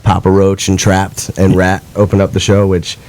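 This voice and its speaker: A man's voice: sits low, monotone, normal speed, a little mellow. A man talking as a guest on a radio show, laid-back and chatty. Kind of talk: casual radio interview.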